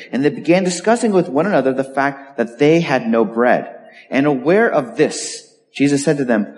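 A man preaching a sermon in an emphatic, animated way, leaning hard on key words. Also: mid-range voice, moderate pace. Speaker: pastor. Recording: long hall reverb.

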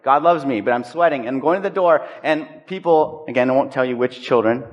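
A man's voice: mid-range voice, a little fast, lo-fi sound. A man preaching a sermon as a pastor, talking conversationally and acting out everyday stories. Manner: conversational, acts out anecdotes. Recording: echoey hall.

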